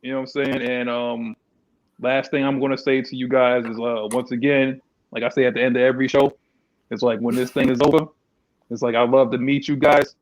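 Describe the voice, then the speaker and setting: A man co-hosting a casual sports chat show, animated and laughing often. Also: medium pitch, a little fast, rough recording. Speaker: co-host.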